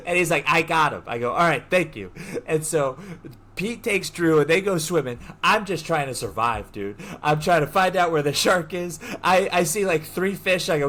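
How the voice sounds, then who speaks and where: A young man co-hosting a podcast, telling a story in an animated way, laughing and swearing as he goes. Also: fairly high pitch, moderate pace. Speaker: podcast co-host. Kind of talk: casual storytelling chat.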